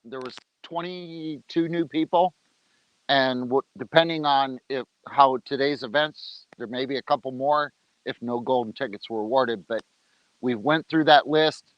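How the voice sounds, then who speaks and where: A man's voice: medium pitch, a little slow, dry recording, muffled recording. A man hosting a casual livestream outdoors, joking and talking while he eats. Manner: loose, joking, talks while eating. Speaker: organization leader on a livestream. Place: outdoors, rain coming.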